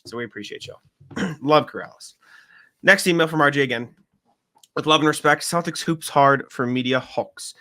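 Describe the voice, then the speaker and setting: Young guy reading fan emails on a podcast, bright voice, trips over words and corrects himself. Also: a little high, normal speed, long pauses. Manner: reads aloud with slips and self-corrections. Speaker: podcast co-host. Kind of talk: reading listener email aloud, casual chat.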